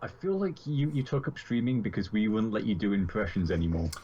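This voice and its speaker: Lower-voiced guest on a muffled video call, dry and quick to laugh. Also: male voice, big pitch swings, dark tone, breathy edge. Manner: laughs often, dry asides. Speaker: podcast guest. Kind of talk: casual chat over a video call. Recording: lo-fi internet call.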